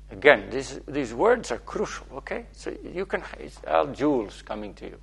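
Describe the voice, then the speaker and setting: A man's voice: mid-range voice, big pitch swings, normal speed, vocal fry, few pauses, a little hiss or hum. A man, a spiritual teacher, giving a playful, repetitive talk to listeners, often checking in with "okay?".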